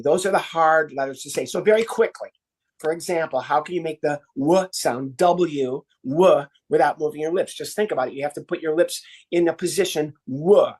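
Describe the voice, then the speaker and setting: An American man in his sixties, a ventriloquist guest on a podcast interview, teaching in an animated, demonstrative way. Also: fairly high pitch. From United States. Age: 60s. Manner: animated, demonstrative teaching, acts out little voices.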